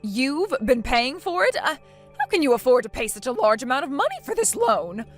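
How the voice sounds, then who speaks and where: A woman with a high, very lively voice reads a heated family argument aloud, sharp and mocking. Her pitch swings widely from line to line. Faint music plays beneath her. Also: brisk. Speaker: reader voicing both sides of a text-message argument. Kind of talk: scripted story reading.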